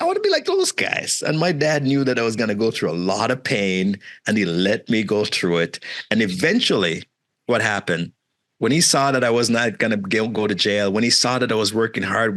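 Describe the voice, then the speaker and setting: A middle-aged man from Jamaica, a guest entrepreneur, telling stories in a casual interview and acting out other people's voices. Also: medium pitch. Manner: animated, acts out quoted voices, frequent "right?" and "man".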